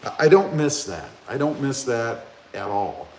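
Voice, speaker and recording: A man's voice: mid-range voice, expressive, measured pace, a little mellow, slight background noise. A man from Ohio hosting a casual live stream, reading viewer comments aloud and joking back at them. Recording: echoey room.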